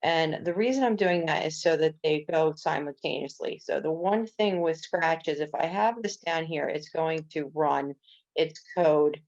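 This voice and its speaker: A woman with a low, gravelly voice explains a coding tutorial step by step, dropping in casual "um"s as she goes. The recording is dull and lo-fi. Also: a little slow, a little mellow. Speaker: coding instructor.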